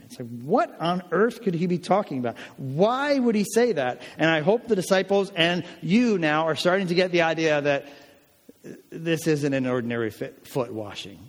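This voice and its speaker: A man preaching a sermon in a lively, emphatic way, acting out the quotes he tells and joking with his listeners. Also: a little high, in a large hall. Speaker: pastor.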